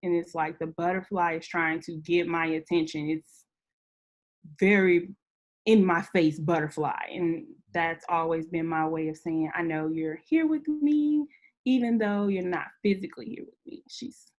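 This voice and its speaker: A woman's voice: on the low side, normal speed, dull audio. A young woman from Memphis, a podcast guest, telling a painful family story and fighting back tears. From Memphis, USA. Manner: tearful, laughing to hold back tears. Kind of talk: emotional personal story.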